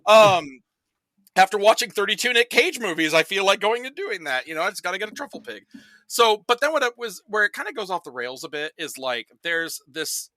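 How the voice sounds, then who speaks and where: Man, podcast chat, animated storyteller, swears a lot, bright tense voice, dry close sound. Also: high voice, fairly quick, no room sound. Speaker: podcast guest reviewing films.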